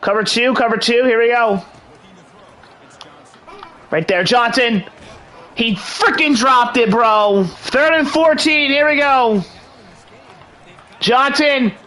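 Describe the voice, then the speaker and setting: A young man giving excited play-by-play commentary over a video game in a hyped, mock sports-announcer manner. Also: extremely high pitch, slow pace, long pauses, low-quality recording. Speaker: gaming channel host.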